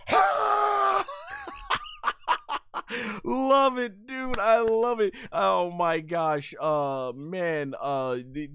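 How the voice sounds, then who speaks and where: High, smooth-voiced excited anime reviewer. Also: male voice, no room sound. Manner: animated, acts out characters' lines, many fillers. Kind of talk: excited anime episode commentary.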